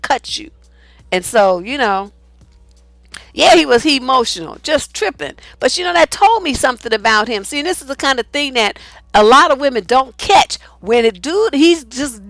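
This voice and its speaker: A woman's voice: high-pitched, a bit bright, dry recording. Blunt, profane coach woman, dry sound. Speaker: relationship coach. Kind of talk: casual storytelling monologue.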